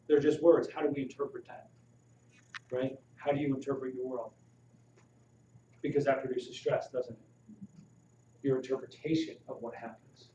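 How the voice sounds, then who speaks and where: A man giving a live health talk to an audience, asking them questions with animated emphasis. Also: mid-range voice, a little fast, long pauses. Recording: roomy, distant, dull audio with faint noise.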